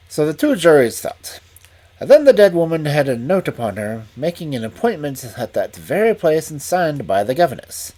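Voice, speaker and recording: A man reading a detective story aloud as a storyteller, in an expressive manner. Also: a little high, normal speed.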